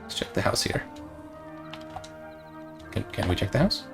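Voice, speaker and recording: A man's voice: on the low side, sing-song, measured pace, vocal fry. A man casually commentating a video game, jokey and often laughing at it. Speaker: let's play host. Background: faint game music.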